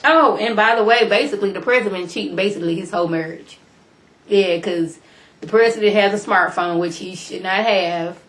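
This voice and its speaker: A woman vlogger casually recapping TV episodes, colloquial and incredulous, her voice jumping high when exclaiming. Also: brisk, a bit bright. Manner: colloquial, chatty, talks straight to viewers.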